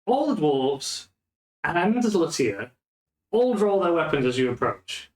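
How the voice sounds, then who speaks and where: A man's voice: a little high, big pitch swings, takes it slowly, darkish tone. A man running a tabletop game as game master, narrating loosely with many fillers. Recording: echoey room.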